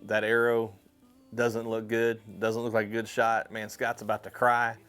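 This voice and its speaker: A man, a hunting partner, looking back on the hunt in a relaxed, plain spoken way. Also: lowish voice, moderate pace, clear, resonant tone, faint music behind.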